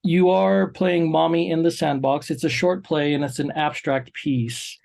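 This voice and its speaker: A man interviewing a performer, encouraging and halting, with many fillers. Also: fairly high pitch, steady tone, vocal fry, darkish tone. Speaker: interviewer, creative director. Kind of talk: casual interview.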